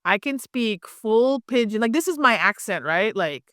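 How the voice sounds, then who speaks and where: Friendly woman from Hawaii chatting casually in an interview; smooth tone, dry close mic. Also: fairly high pitch, animated, normal speed, bright, forceful tone, no echo. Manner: friendly, chatty, many fillers like "like" and "um". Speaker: actress interviewee.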